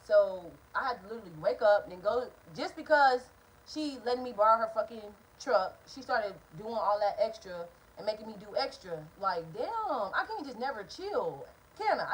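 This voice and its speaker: A woman in her twenties telling a profane, animated storytime to camera from home. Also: on the high side, normal speed, slightly rough, rough recording. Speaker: vlogger. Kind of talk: storytime vlog. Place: at home indoors.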